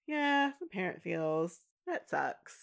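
A woman's voice: takes it slowly, creaky. A woman in her thirties, recapping a cartoon episode in casual chat and acting out the characters' lines. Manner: animated, acts out characters' lines in a high voice. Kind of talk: casual chat, retelling with voiced quotes.

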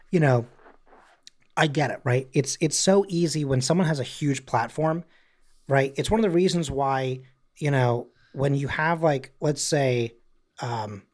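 A man's voice: medium pitch, a little mellow. A man co-hosting a podcast in casual chat, rambling through stories with many fillers. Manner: rambling storyteller, slips into mock voices and quotes. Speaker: podcast co-host.

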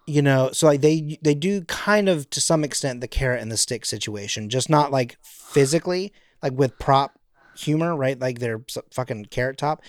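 A man's voice: mid-range voice, expressive, moderate pace, no room sound. Man, podcast co-host, rambling casual chat, filler-heavy, dry close sound. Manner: rambling, filler-heavy, breaks into playful impressions.

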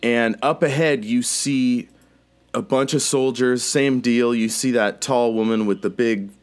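A man's voice: medium pitch, steady tone, unhurried. A man narrating a tabletop game as game master, casual and rambling with many fillers.

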